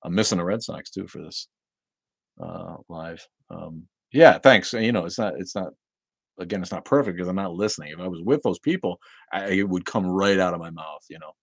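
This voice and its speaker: A deep-voiced man with a New England accent hosts a casual livestream and chats his way through viewer comments. He rambles and keeps stumbling over restarts, and his voice sits close and dry with no room sound. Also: fairly quick, creaky, dry recording. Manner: rambling and chatty, with stammered restarts. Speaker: livestream host.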